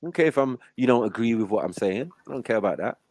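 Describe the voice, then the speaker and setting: A man's voice: medium pitch, expressive, quick pace, a little mellow, no echo. A man with a British accent hosting a live casual chat, blunt and slangy. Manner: blunt, slangy, talks over others.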